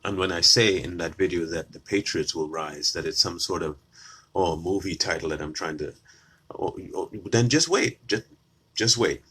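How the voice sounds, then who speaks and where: Low, husky man ranting to viewers. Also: a little fast, fairly bright tone. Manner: combative, repetitive, addresses viewers directly. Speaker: political commentator. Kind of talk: casual opinion monologue.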